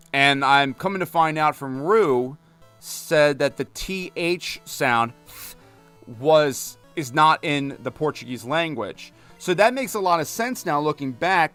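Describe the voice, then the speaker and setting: A man's voice: mid-range voice, a bit bright, clean tone. Chatty Philadelphia guy streaming a game. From Philadelphia area, United States. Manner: chatty, rambling, many fillers and restarts. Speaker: gaming streamer. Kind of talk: casual live-stream chat while playing.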